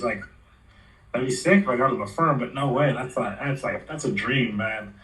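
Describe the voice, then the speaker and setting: A man's voice: mid-range voice, lively intonation, fairly quick, fairly bright tone, recorded from a distance, low-quality recording. A man in his forties, a former pro skater, telling stories in a laid-back, slangy way and acting out the quotes. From Los Angeles area. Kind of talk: casual storytelling interview.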